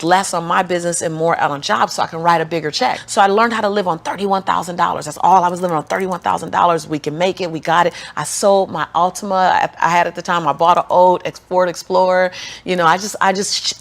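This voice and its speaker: A woman giving an interview, telling a motivational story. She is animated and laughs often, acts out the people she quotes, and builds her message through repetition like a preacher. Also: on the low side. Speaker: interview guest.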